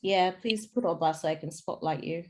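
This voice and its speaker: A woman hosting an online event over a video call, lively and coaxing. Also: lowish voice, moderate pace. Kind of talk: casual video call moderating.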